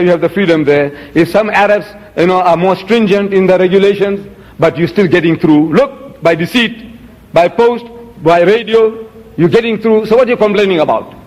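A man's voice: high-pitched, big-room sound. A man giving a public lecture, indignant and rhetorical, holding up items for the audience. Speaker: Muslim lecturer.

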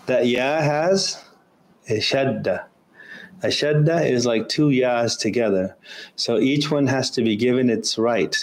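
Slow, patient male recitation teacher. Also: mid-range voice, darkish tone. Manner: patient, repeats sounds many times, slows down to chant examples. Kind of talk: pronunciation lesson.

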